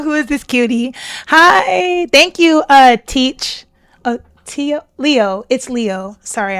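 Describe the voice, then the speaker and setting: A woman's voice: fairly high pitch, clean tone, no echo, studio quality. A young woman chatting casually with her live stream chat, gushing and laughing often.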